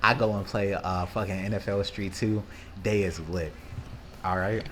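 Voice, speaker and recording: A man's voice: sits low, steady tone, normal speed, fairly bright tone, soft background music. A man telling a loose, profane story in casual rambling style, acting out the quotes with lots of fillers. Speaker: vlogger.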